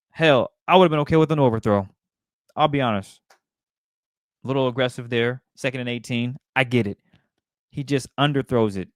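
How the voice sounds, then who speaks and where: A man's voice: medium pitch, dry recording, studio quality. A man co-hosting a football show, casually breaking down plays in detail. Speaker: co-host. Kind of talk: football analysis chat.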